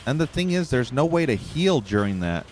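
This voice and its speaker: A man's voice: mid-range voice, very animated, moderate pace, darkish tone, faint music behind. A man giving live gameplay commentary, swearing and ranting in frustration at the game. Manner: profane, ranting, easily frustrated. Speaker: gameplay streamer.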